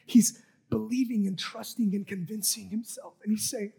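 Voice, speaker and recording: Husky fervent preacher swinging whisper to shout. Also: male voice, high-pitched, steady tone, normal speed. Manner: repetitive, rhythmic preaching. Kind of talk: sermon with closing prayer.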